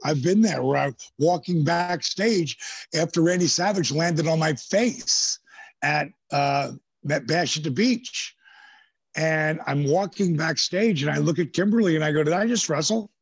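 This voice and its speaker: A man guest on a podcast, telling animated stories, swearing freely and acting out the voices of the people in them. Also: fairly high pitch, a little slow, vocal fry, breathy edge, no echo. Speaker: podcast guest, former pro wrestler. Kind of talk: casual storytelling interview. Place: podcast studio.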